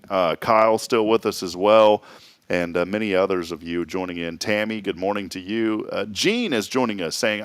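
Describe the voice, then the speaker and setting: A man's voice: on the low side, no echo. A man hosting a casual morning talk show, joking and laughing a lot. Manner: joking, animated, laughs often. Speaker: radio show host.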